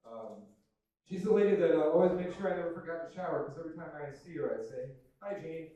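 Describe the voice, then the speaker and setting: A young man doing a stand-up comedy set, self-deprecating and deadpan, with loose fillers and swearing. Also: fairly high pitch, fast talker, highs cut off. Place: comedy club stage with audience laughter. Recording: very echoey room, from some distance. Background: audience laughter.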